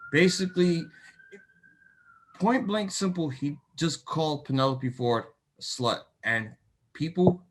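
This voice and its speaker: A young man co-hosting a casual wrestling chat show, excitable and animated, with many fillers. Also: fairly high pitch, a little hiss or hum. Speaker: co-host.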